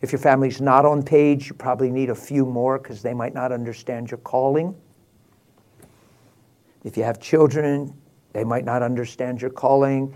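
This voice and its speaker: A man's voice: mid-range voice, steady tone, normal speed, a little mellow. An older man, a pastor, telling stories in an emphatic, candid and emotional way. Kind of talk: casual storytelling talk.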